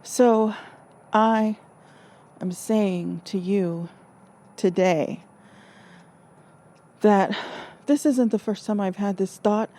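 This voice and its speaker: Woman speaker, earnest reflective monologue, warm mellow voice, mid pitch. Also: drawn-out words, long pauses. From Alaska. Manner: earnest, restarts and rephrases, acts out quoted voices. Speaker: spiritual speaker.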